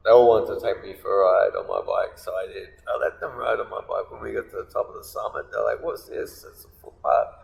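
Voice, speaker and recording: A man's voice: fairly low pitch, fairly even intonation, fast talker, gravelly, few pauses, a little mellow. A man, rambling through crude stories as a podcast co-host and laughing often. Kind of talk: crude casual chat. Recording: echoey room with long reverb, faint ambience.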